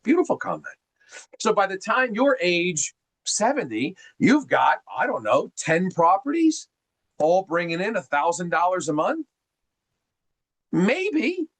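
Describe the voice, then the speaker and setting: A middle-aged man from New Jersey giving an animated, folksy seminar talk to a group on a video call. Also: sits high, slow pace, rough recording. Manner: animated, folksy, calls listeners gang. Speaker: mortgage presenter on a group call.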